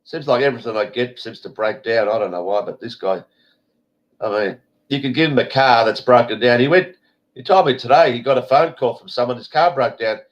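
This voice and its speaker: A brisk, mid-range male voice, congested and stuffy, belongs to an Australian hosting an online show. He swears freely and rambles in a blunt, casual way, heard through dull lo-fi stream audio.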